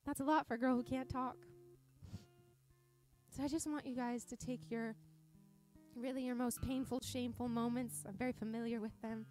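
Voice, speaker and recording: A woman's voice: fairly high pitch, level tone, normal speed, pauses often, darkish tone, soft background music. A woman from Montana preaching a sermon in a church service, earnest and conversational, often restarting her sentences. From Montana, USA. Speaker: pastor.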